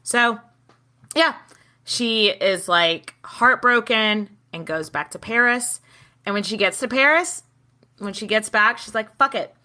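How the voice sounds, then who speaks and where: A woman co-hosting a podcast, telling a story in animated casual chat and swearing freely. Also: fairly high pitch, slow. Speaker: podcast co-host.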